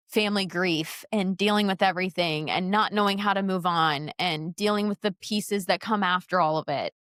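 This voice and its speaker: A woman's voice: mid-range voice, a bit bright, dry recording, clean studio sound. A young adult woman, a sports broadcaster, talking candidly and reflectively in an interview, with many filler "like"s.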